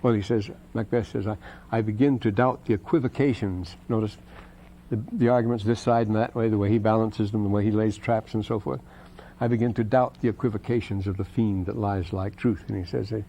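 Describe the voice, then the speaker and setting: Mellow-voiced man giving a rambling lecture. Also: lowish voice, fairly even intonation, fairly quick, creaky, a little hiss or hum, rough recording. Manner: digressive, with many asides of "you see"; reads quoted verses aloud with rising emphasis. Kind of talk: scripture lecture.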